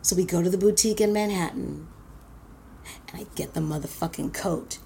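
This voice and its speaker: A woman's voice: lowish voice, fairly quick, creaky, husky. Blunt New woman telling a story. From Queens, New York. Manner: animated, blunt, swears, acts out quotes. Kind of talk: told personal story.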